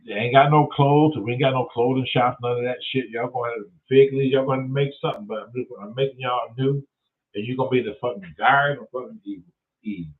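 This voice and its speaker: A man's voice: medium pitch, fairly even intonation, fast talker, recorded from a distance. A man hosting his own show, swearing constantly and retelling Bible stories in street talk. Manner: swears constantly, acts out characters in voices. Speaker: host. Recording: tinny phone-like sound, voice off-mic.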